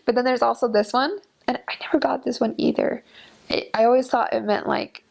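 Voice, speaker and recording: A woman's voice: on the high side, steady tone, fairly quick, creaky, darkish tone. A woman chatting casually about culture, filling her talk with "like" and acting out what people say. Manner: chatty, many "like" fillers, acts out quotes.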